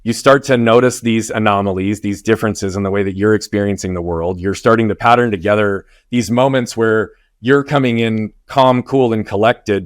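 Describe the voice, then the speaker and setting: A man's voice: lowish voice, no echo, clean studio sound. A man hosting a podcast interview, talking in an earnest, reflective way and often checking in with "right?". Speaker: podcast host.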